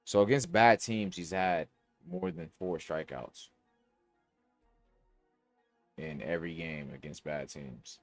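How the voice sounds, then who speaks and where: A man's voice: deep voice, fairly even intonation, unhurried. A young man hosting a podcast, casually thinking aloud about sports bets with slang and cursing. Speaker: podcast host. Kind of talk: casual sports betting talk. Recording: dry close mic, faint music.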